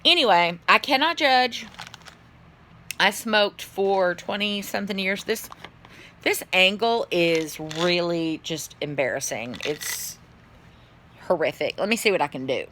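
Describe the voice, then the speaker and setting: A woman's voice: on the low side, expressive, unhurried, sharp tone, slight background noise. A tired middle-aged woman, chatting casually to her phone camera in a rambling way, yawning and swearing now and then. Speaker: vlogger.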